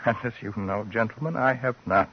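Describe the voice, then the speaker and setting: A man's voice: medium pitch, fairly quick, slightly rough. An actor playing a pompous older adventurer in a 1950s radio drama, telling his tale grandly and theatrically. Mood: grandiose. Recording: dull, noisy old radio recording.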